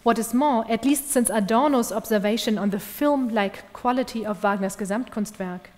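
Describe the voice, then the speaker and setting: A woman giving an academic lecture, reading in a measured, precise way. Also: on the high side, darkish tone. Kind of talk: academic lecture read from a script. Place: lecture hall. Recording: long reverb of a lecture hall.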